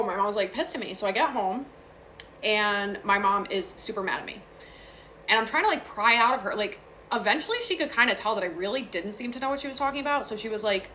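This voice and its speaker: Bright-voiced woman telling a ghost story. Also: mid-range voice, normal speed, a little hiss or hum. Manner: chatty, frequent fillers and asides. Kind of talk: casual first-person ghost story.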